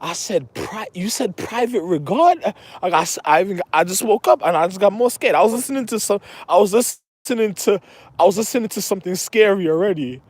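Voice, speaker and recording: Erratic, repetitive man, lively pitch. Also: a little fast, dry recording. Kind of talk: rambling monologue to camera.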